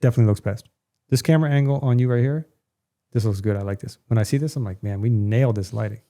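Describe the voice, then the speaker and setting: A man's voice: medium pitch, fast, warm tone. A middle-aged man hosting a casual podcast from home, blunt and ranting, with a joking streak. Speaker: podcast host.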